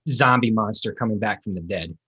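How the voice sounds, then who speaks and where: A man's voice: lowish voice, fairly quick, bright, forceful tone, breathy edge. A man hosting a casual movie watch-along, joking and laughing as he talks. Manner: jokey, laughs often. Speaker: podcast host.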